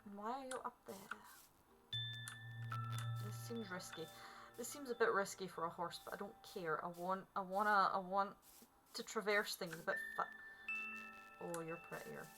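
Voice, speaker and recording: A woman's voice: medium pitch, normal speed, long pauses. A woman, chatting playfully to herself and the animals while streaming a game. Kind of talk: casual gameplay commentary. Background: background music.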